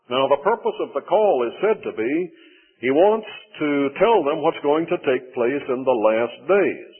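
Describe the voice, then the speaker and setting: Southern preacher on a tinny radio line. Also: male voice, on the high side, lively intonation, breathy edge. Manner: measured, deliberate teaching delivery. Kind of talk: sermon.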